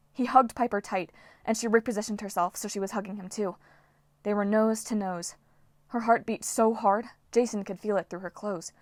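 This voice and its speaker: A woman's voice: medium pitch, no echo. Woman reading an audiobook, dry close sound. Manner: lively, dramatic reading. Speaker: audiobook narrator. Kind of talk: scripted narration.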